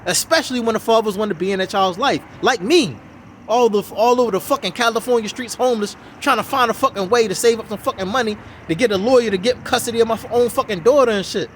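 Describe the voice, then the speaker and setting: A man's voice: high-pitched, fast talker, slight background noise. A man giving a heated, swearing, mocking reaction commentary on a video. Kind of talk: profane ranting reaction commentary.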